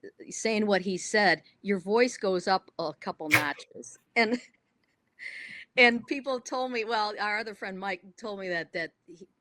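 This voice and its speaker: A woman's voice: medium pitch, takes it slowly, noisy background. A woman hosting a casual music interview who keeps up frequent short affirmations. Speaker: talk show host.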